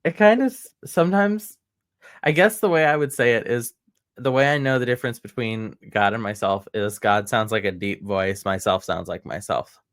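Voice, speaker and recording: A man's voice: on the low side, moderate pace, no echo, clean studio sound. A man from Maryland, a podcast guest, talking casually in a hesitant way and laughing often. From United States, grew up in Maryland. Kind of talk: casual chat.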